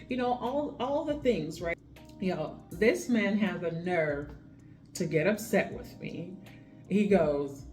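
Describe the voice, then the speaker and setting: A woman's voice: lowish voice, lively intonation, slow, darkish tone. A woman nurse chatting to her viewers in a casual vlog, telling stories about her patients and calling the audience y'all. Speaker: remote nurse vlogger. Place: home. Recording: echoey room with faint music.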